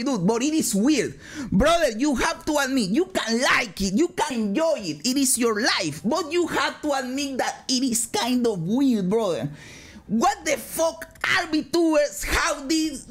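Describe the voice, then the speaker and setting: A woman reacting to clips in scripted commentary, emphatic and calling everyone "brother". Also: high-pitched. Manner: says "brother" constantly, emphatic. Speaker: video commentator.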